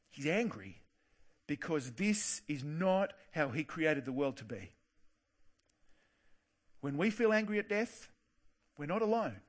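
A man preaching a sermon earnestly, slowing down to stress key words. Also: a little high, sing-song. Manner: earnest, slows down for emphasis.

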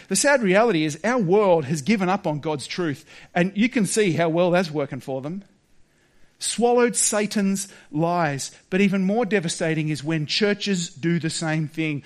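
A man with a fairly high, light voice preaches. He talks earnestly, pressing his listeners with rhetorical questions. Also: animated, unhurried. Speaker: pastor. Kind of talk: sermon.

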